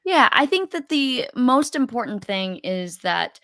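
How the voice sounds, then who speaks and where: A woman's voice: fairly high pitch, sing-song, measured pace, a bit bright, dry recording. Chatty woman co-host, dry sound. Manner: chatty, many fillers and restarts. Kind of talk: casual coaching chat.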